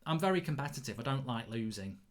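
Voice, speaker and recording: Guy in his 40s rambling thru a story, chatty, keeps restarting, gets loud n heated acting out anger. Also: mid-range voice, animated, quick pace. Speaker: host. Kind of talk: casual storytelling monologue.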